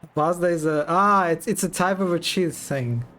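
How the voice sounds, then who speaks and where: A man's voice: on the high side, moderate pace, a bit bright. A man casually commenting while playing a game on a live stream, chatty with giggly asides.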